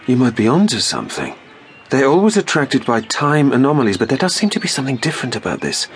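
A man's voice: mid-range voice, wildly swooping pitch, fast, slight background noise. An actor playing a wry, unflappable male time traveller in an audio drama, talking in a dry, probing, lightly sardonic way. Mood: brisk, planning. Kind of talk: radio drama acting.

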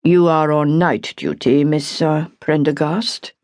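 A woman voicing a stiff, irritable male doctor who speaks slowly and formally. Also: low-pitched, fairly even intonation, a little mellow, no echo, clean studio sound. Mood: aloof. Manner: clipped, slow and stiff.

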